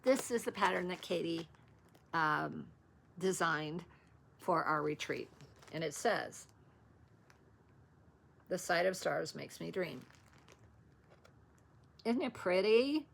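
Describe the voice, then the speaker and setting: A woman's voice: fairly low pitch, animated, slow pace, creaky, long pauses, husky. A woman vlogger chatting casually about her stitching patterns, rambling and interrupting herself as she searches. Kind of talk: casual show-and-tell chat.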